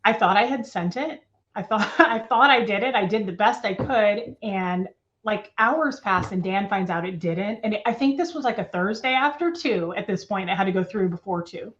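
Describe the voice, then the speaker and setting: A woman at home, telling an interviewer her story in a halting, emotional way, with restarts and nervous laughs. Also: medium pitch, lo-fi sound. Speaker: interview guest. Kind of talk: personal testimony in a remote interview.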